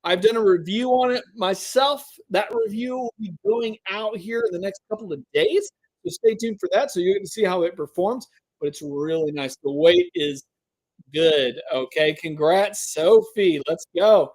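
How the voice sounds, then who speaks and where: A man's voice: high-pitched, lively intonation, normal speed. A man hosting a live stream giveaway, chatting to viewers and drawing out the suspense. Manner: hypes and drags out suspense, talks to chat.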